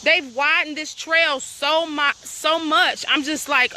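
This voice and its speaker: Out on her rural property with crickets in the background, a breathless woman films a walking vlog on her phone, indignant and upset as she asks her viewers pointed questions. Her voice is high, pushed and bright, with fairly even intonation and a slow delivery. There's a slight hiss or hum in the recording.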